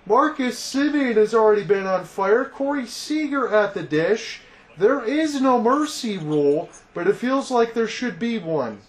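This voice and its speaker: A man with a notably high voice calls baseball play by play on a fan-run broadcast. He breaks each pitch down evenly, then rises into loud, thrilled calls when the ball is hit deep. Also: a little slow. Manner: calm analysis that rises to loud excited calls on big hits. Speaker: play-by-play commentator.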